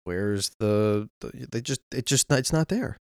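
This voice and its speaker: A man with a low, gravelly voice complains through a casual sports podcast. He talks in frustrated bursts, breaking off and restarting his sentences. The sound is dry and close, with no room echo. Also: lively intonation. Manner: frustrated, rapid ranting with restarts and swearing. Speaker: podcast co-host.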